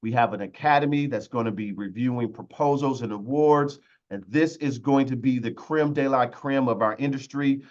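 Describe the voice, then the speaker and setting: A man hosting a webinar with lots of energy, giving shout-outs in a loose, slangy way over a video call. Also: mid-range voice, moderate pace, muffled recording. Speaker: webinar host.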